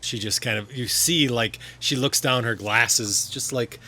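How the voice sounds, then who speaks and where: A man's voice: mid-range voice, unhurried. A man narrating as game master in a casual online tabletop session, laughing often. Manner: laughs often, relaxed and chatty.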